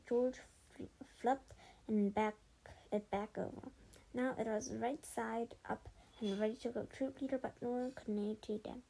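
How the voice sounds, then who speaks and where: A woman reading a children's storybook aloud, expressive, sometimes stumbling and restarting. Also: fairly high pitch, vocal fry, rough recording. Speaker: storybook reader.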